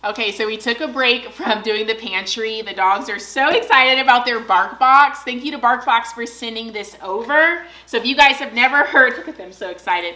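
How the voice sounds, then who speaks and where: A woman's voice: a little high, sharp tone, a little hiss or hum. A young woman vlogging at home, chatting casually in an upbeat way as she narrates her pantry clean-out and opens a box of dog toys. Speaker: lifestyle vlogger.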